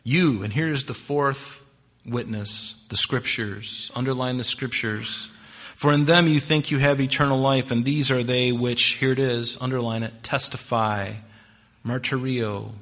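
A man preaching a sermon with a bright, forceful tone. He reads scripture aloud, presses key words hard, then drops to a hush. The delivery stays expository and earnest. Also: medium pitch, fairly even intonation, unhurried. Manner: swings between emphatic rises and hushed drops. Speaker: pastor.

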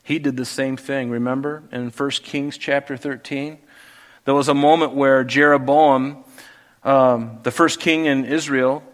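A man preaching a verse-by-verse Bible study, reading passages aloud and explaining them with lively emphasis and quieter asides. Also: mid-range voice. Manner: animated, swings between loud emphasis and quiet asides. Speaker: pastor. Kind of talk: expository Bible teaching.

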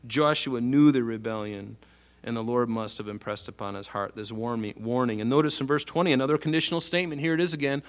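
A man preaching a sermon, animated, acting out the quoted voices with big swings from soft to loud. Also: medium pitch, fast talker. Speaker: pastor.

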